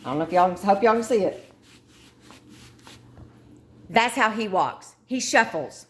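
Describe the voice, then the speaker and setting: A woman's voice: medium pitch, animated, normal speed, pauses often, fairly bright tone. A middle-aged woman, chatting frankly to her viewers in a casual vlog and venting her frustrations. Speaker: vlogger. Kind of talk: casual chat to camera.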